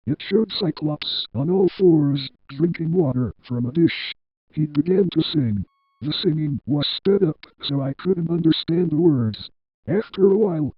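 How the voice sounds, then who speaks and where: A synthetic text-to-speech man's voice reading a horror story in a flat, evenly paced way. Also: on the high side, breathy edge, no room sound, highs cut off. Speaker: narrator. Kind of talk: scripted horror story narration.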